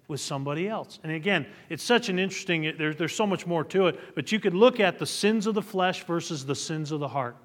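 A man's voice: fairly high pitch, fairly quick, hardly any pauses, in a large hall. A middle-aged male pastor preaching a sermon, reading scripture aloud and building to emphatic peaks. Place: church sanctuary.

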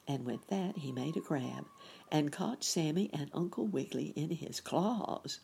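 A woman reads a children's story aloud at an unhurried pace. Her voice is low and husky, and her pitch rises and falls expressively. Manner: lively, expressive.

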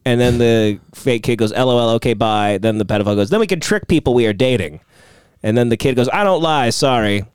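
A man hosting a comedy podcast, reading chat logs aloud in a deadpan way and often breaking into laughter. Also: mid-range voice, a little fast, smooth, no echo. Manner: deadpan narration broken by laughter. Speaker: podcast host.

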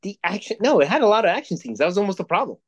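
A man's voice: high voice, rapid-fire, slightly rough, lo-fi sound. A young man co-hosting a podcast, rambling through movie reviews in casual chat with plenty of swearing. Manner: rambling, profane, animated storytelling. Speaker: podcast co-host.

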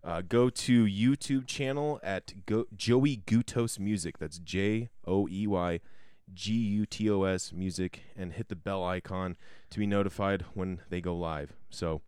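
Low smooth-voiced man plugging a friend. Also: unhurried, no room sound, clean studio sound. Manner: relaxed, filler-heavy, spells out names. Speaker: podcast co-host. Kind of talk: casual chat.

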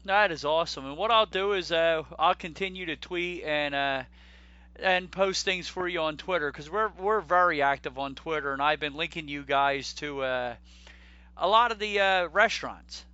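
A man's voice: fairly high pitch, normal speed, bright, forceful tone, smooth, dry recording, highs cut off. A man hosting a podcast in a casual, chatty way, laughing easily and tripping over his words now and then. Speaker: podcast host.

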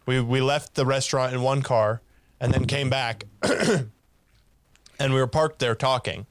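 A man's voice: mid-range voice, a little slow, no echo. A man with a mid-range voice spins a casual anecdote, laughing as he goes and acting out the other people's lines. The sound is close and dry, with no room around it. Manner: animated, laughs while telling, acts out quoted lines. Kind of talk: casual storytelling.

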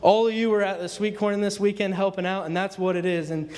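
A man's voice: high-pitched, flat delivery, brisk, darkish tone, in a large hall. A man giving an earnest, rambling church testimony to the congregation, often restarting his sentences. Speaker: church speaker. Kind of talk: informal sermon testimony.

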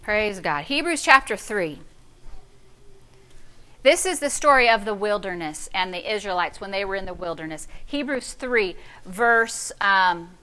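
A middle-aged woman pastor tells a story in her sermon with a medium-pitched, clean voice and an unhurried pace. Her delivery is sassy and animated, rising from hushed to loud.

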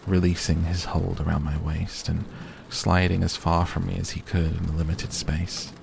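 A man reading a novel aloud in steady first-person narration. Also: low-pitched, normal speed, gravelly, background noise. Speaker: audiobook reader.

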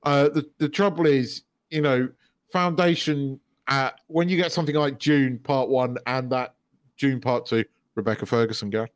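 A man's voice: mid-range voice, fairly even intonation, normal speed, no room sound. Rambling, sweary man, dry sound. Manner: rambling, sweary, lots of restarts and fillers. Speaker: podcast co-host. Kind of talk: casual chat.

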